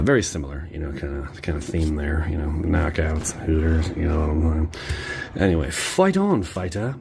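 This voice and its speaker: Man, low register, very animated delivery, rambling excitable streamer opening packs; faint background noise. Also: vocal fry. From Cleveland area, Ohio. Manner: rambling, excitable, slangy asides to viewers. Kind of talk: casual chat while opening card packs.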